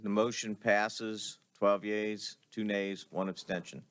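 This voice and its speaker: A man chairing a public board meeting, calling votes and running the agenda in a measured, procedural way into a table microphone. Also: fairly low pitch, level tone, fairly bright tone, slight background noise.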